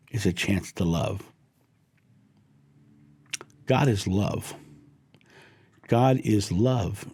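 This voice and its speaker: A middle-aged man giving a slow, heartfelt spiritual talk, lingering gently on his words. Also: on the low side. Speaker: spiritual teacher.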